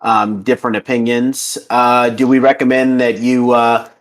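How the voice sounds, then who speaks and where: A man of middling pitch hosts a casual podcast chat. He talks loosely, with frequent ums and uhs as he wraps up the episode. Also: little pitch movement, moderate pace. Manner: filler-heavy, with many ums and uhs. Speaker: podcast host.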